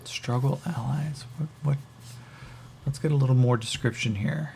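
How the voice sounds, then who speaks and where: A man narrating a solo tabletop game as game master, thinking aloud, halting and swearing as he rolls. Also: medium pitch, creaky, mellow, a little hiss or hum.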